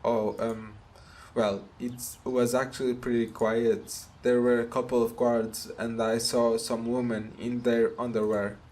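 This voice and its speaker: A man's voice: mid-range voice, level tone, a little slow, a little mellow, close to an everyday voice. A man voicing a meek young hero who stammers and apologizes while reading game dialogue aloud. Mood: hesitant. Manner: hesitant, stammering.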